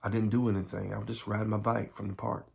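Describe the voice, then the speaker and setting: A man from the Southern United States telling his own life story, halting and earnest, often repeating words and close to tears. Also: fairly low pitch, level tone, vocal fry. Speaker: vlogger.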